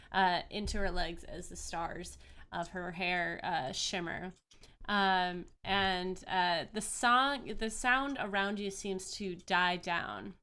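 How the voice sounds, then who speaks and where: A woman's voice: medium pitch, bright, forceful tone, clean tone. A woman narrating a tabletop fantasy game as game master, describing scenes with frequent fillers.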